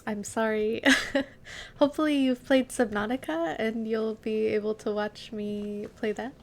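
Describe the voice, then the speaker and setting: A young woman streams a game and chats with her viewers at an unhurried pace. She laughs easily and leans on casual fillers between thoughts, sounding relaxed. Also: fairly high pitch. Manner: chatty, giggly, with many fillers. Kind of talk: casual gameplay chat with chat reading.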